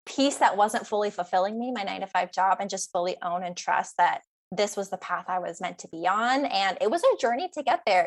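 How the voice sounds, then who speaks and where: A young adult woman, a guest coach on a podcast, telling her story in an earnest, flowing way. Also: mid-range voice. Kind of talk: podcast interview.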